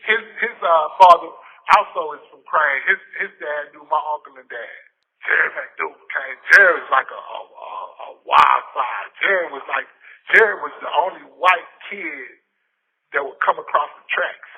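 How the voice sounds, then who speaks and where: A man in his fifties from Texas, with a husky and fairly high voice, tells stories in a casual interview. He is animated and keeps stumbling over and repeating words as he gets going. The sound is thin and phone-like. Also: normal speed. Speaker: interview guest, former football player. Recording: tinny phone-like lo-fi audio.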